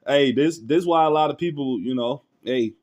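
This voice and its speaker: A man's voice: medium pitch, normal speed, darkish tone, dull audio. A man in casual commentary reacting to a news clip, laughing often, speaking in loose slangy talk and reading scripture aloud. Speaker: religious online commentator.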